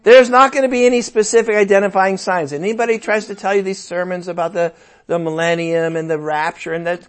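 A man preaching a sermon in a conversational, animated way, with playful asides and sudden outbursts. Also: high-pitched, brisk.

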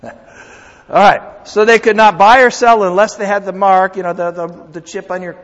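High-voiced preacher in an echoing hall. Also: male voice, normal speed. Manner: animated preaching, swings from loud emphasis to quiet asides. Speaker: pastor. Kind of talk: sermon. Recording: dull lo-fi sound with long hall reverb.

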